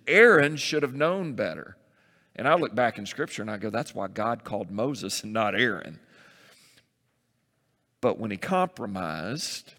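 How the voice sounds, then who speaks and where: A man's voice: mid-range voice, fairly bright tone, in a large hall. A man preaching a sermon, reading scripture aloud and breaking off to comment with asides and jokes. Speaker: pastor.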